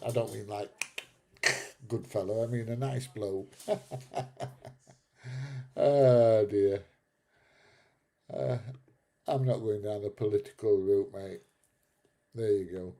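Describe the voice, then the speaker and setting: A middle-aged British man hosts a live stream with a fairly low, dark-toned voice, speaking slowly with vocal fry and frequent pauses. He chats casually through viewer comments, laughing often and calling people mate, in a British English accent.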